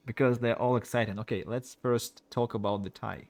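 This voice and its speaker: A man's voice: mid-range voice, steady tone, normal speed. Man reading game text on a stream. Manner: casual, chuckling, reads narration aloud and comments.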